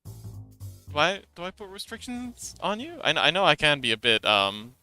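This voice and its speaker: A man streaming live and chatting casually with his viewers, reading their messages aloud and answering them playfully. His voice is strikingly sharp and bright and sits fairly high, with lots of swing in its melody. Soft music hums quietly in the background. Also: sing-song, normal speed. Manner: reads chat aloud and chats back, playful. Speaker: streamer drawing fanart. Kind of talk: casual livestream chat.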